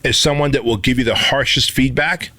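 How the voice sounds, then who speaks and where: A middle-aged man on a podcast coaches his listeners directly in a steady, plain voice of middling pitch. He explains his points step by step and keeps an encouraging, matter-of-fact tone. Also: a little fast. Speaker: podcast co-host. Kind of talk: motivational podcast talk.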